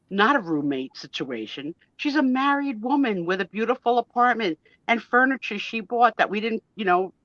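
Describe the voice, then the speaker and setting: A woman's voice: mid-range voice, fairly bright tone, no room sound. A woman in her fifties, a guest on a live chat show, telling a story in a gushing, emotional, chatty way with mild swearing. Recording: dull lo-fi, dry sound.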